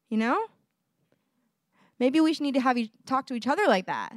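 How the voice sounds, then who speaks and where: A young woman delivers a sermon as if chatting with friends, her voice sitting a little high. She laughs easily and fills her talk with "like" and "you know." The recording is close and dry, with no room sound. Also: very animated, normal speed, pauses often, no room sound. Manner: warm conversational, laughs often, fillers like "like" and "you know". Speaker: preacher. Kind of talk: casual sermon.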